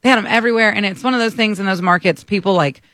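A man's voice: high-pitched, rapid-fire, pushed and bright, no echo, clean studio sound. An American man hosting a morning show, telling a story in a chatty, self-mocking way and acting out both sides of it. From United States.

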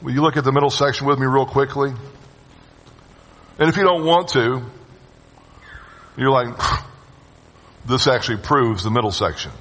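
A man preaching a sermon to his congregation. His voice swings from loud urging to hushed, low phrases, and he calls on the listeners to answer him. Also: moderate pace, long pauses, a little hiss or hum. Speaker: pastor. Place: church sanctuary with long reverb. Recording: reverberant church hall sound.

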